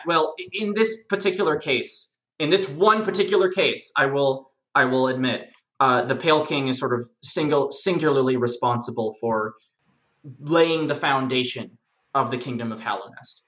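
A speaker in a relaxed lore chat, bright-toned and animated, circling back with fillers and restarts. There is a roomy echo around the voice. The manner is jokey and eager. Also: medium pitch, moderate pace. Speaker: guest lore explainer. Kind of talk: casual discussion.

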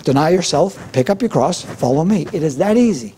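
A man's voice: on the high side, animated, brisk, warm tone, breathy edge. A middle-aged man preaching a sermon as pastor, with a fervent, repetitive preaching cadence.

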